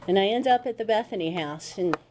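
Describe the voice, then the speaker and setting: A woman's voice: mid-range voice, lively intonation, brisk, a little mellow, slight background noise. A woman speaking at a recovery meeting, telling her story in a casual conversational way and acting out what people said. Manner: conversational storytelling with acted-out quotes. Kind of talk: personal testimony talk.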